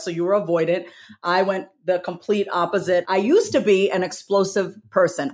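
Woman guest, New York accent, lively and frank, quick to laugh. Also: mid-range voice. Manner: animated, laughs often, candid. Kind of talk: podcast conversation.

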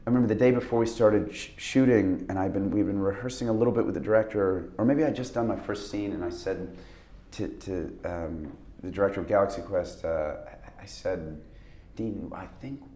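A man's voice: sits low, brisk, warm tone. A man, an actor, chatting casually in an interview, rambling with restarts and laughing as he tells stories. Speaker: actor guest. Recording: roomy echo.

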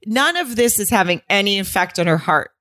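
A woman's voice: mid-range voice, fairly quick, dry recording, studio quality. A woman co-hosting a podcast, chatting casually and acting out lines while recapping a movie. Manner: animated storytelling, acting out quotes. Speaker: podcast co-host.

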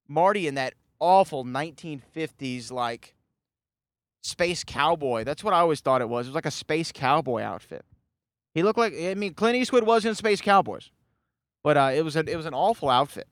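A man's voice: on the high side, expressive, moderate pace, no room sound. A man hosting a podcast, casually recapping a movie in a rambling way, full of "you know" fillers and the odd chuckle. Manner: chuckles at his own remarks. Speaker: podcast host.

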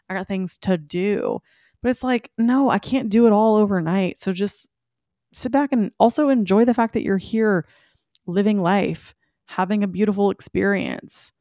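A woman hosts a solo podcast and gives listeners emphatic, self-affirming pep talks. Her voice sits at an ordinary middle pitch. It is recorded close and dry, with no room sound. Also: dark tone, no echo. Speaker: podcast host. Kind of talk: solo podcast talk, motivational.

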